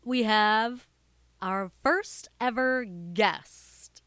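A woman's voice: mid-range voice, drawn-out words. A young woman hosting a casual comedy podcast, chatty and playful, often giggling. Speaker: podcast host.

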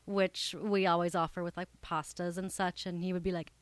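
A woman's voice: fairly low pitch, level tone, moderate pace, no room sound. A young woman hosting a casual comedy podcast, chatty and playful, often giggling. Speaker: podcast host.

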